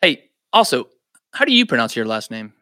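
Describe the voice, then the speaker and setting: A man hosting a church interview podcast, asking questions in a quick, upbeat way. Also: medium pitch, very animated, pushed and bright, no echo, clean studio sound. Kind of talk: casual interview.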